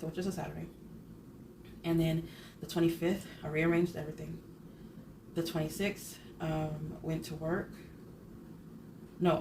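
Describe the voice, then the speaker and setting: A woman in her thirties chats casually in a budget vlog, rambling and correcting herself along the way. Her voice sits on the low side, with a faint noise under the recording. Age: 30s. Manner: chatty, rambling, self-correcting. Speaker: budget vlogger. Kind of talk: casual chat.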